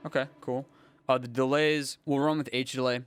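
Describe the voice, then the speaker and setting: A young man, a music producer, casually thinking aloud in a relaxed, slangy way as he builds a track in his home studio. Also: mid-range voice, normal speed. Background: faint synth music playing.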